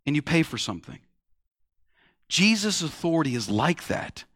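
Thirties guy preaching, storytelling, gets loud then hushed, kinda high voice. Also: very animated, moderate pace, no echo, clean studio sound. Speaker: pastor. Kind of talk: sermon.

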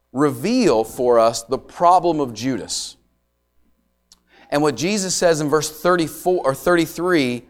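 A man with a slightly higher-pitched voice teaches a sermon in an easy, conversational way, pausing to ask if listeners are following. He drops to a soft, slow hush when he wants a phrase to land. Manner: slows and drops quiet on key phrases. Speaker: pastor.

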